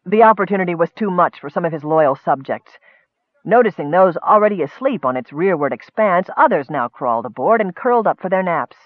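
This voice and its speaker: Guy reading a funny fantasy story aloud, high voice, dull dry recording. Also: brisk, no echo. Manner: lively, comic storytelling. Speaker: audiobook narrator. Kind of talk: scripted narration.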